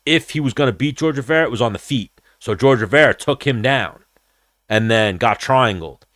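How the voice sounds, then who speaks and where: A man with a medium-pitched, fairly bright voice speaks at a moderate pace while hosting a combat-sports podcast. His casual talk is blunt, profane and rambling, captured as clean studio sound with no room noise.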